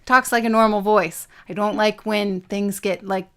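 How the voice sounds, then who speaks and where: A woman co-hosting a casual review show, opinionated and animated, often repeating herself as she makes her point. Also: mid-range voice, normal speed, clear, resonant tone. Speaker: podcast co-host. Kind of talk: casual chat.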